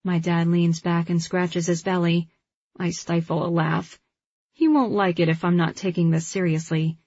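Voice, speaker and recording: A woman narrating a first-person romance audiobook in a measured, emotional reading. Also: fairly low pitch, steady tone, darkish tone, slightly rough. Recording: dull lo-fi recording.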